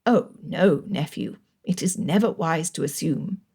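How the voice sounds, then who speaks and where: A shrewd older aunt, dry and knowing, in a storybook romance, as a woman narrator puts her on. The voice dips low and quiet in places, mellow in tone. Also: measured pace, creaky, breathy edge, heavily acted. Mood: wry.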